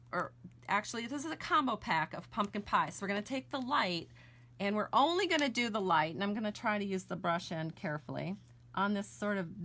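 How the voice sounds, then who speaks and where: Woman, American accent, middle-aged, crafting tutorial, chatty, self-correcting, mid pitch. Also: sharp tone. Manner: chatty, homey and self-correcting while coloring. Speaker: card-making demonstrator. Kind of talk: casual crafting tutorial with chat.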